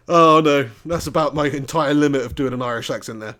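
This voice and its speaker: A man hosting a live football watch-along, commentating as a fan, excitable and swearing, often laughing at his own jokes. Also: fairly high pitch, fairly quick, hardly any pauses.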